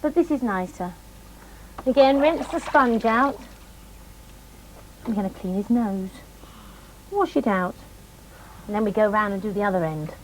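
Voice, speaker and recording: A middle-aged woman, a riding instructor, calmly demonstrating horse care to children step by step. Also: mid-range voice, slight background noise, poor audio. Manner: calm, gentle, explains each step patiently. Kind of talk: hands-on demonstration teaching children.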